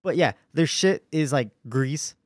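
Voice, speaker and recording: A man's voice: a little high, lively intonation, unhurried, dry recording, studio quality. A young man co-hosting a podcast, telling rambling, profanity-filled stories in casual chat. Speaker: podcast co-host.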